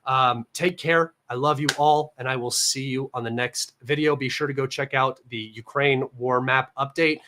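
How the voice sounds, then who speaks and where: Broadcasting from his room, a young American livestream host talks at a normal pace with few pauses, his medium-pitched voice steady, pushed and bright. He rambles casually with lots of fillers, a little nasal due to allergies.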